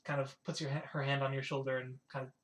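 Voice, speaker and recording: A man's voice: mid-range voice, level tone, quick pace, fairly bright tone. A man narrating a tabletop game as game master, casual and full of "like" and "kind of". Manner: casual, filler-heavy, says "like" and "kind of" often.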